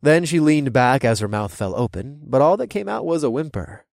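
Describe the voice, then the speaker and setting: Expressive man narrating in first person. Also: medium pitch, moderate pace, creaky, no echo, clean studio sound.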